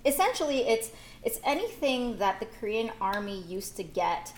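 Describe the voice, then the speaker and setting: A woman's voice: on the high side, sing-song, normal speed, slight background noise. A woman chatting casually and explaining food at length, easygoing with many fillers. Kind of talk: casual chat.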